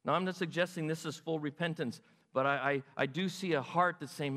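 A man preaching a sermon in an animated way, acting out God's words and asking his listeners questions. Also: fairly high pitch, brisk, in a large hall. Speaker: pastor.

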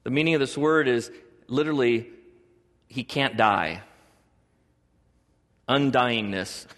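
A middle-aged man preaching a sermon to a congregation as pastor, animated, joking and acting out little dialogues. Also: slow, long reverb tail. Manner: animated, acts out dialogue with God in a higher voice; jokes and laughs with the congregation.

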